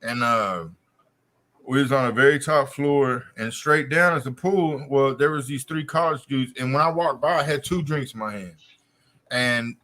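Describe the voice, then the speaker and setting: A man's voice: medium pitch, normal speed, bright, forceful tone. A man telling a long profane story on a casual podcast, with a loose, drawling delivery. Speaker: co-host.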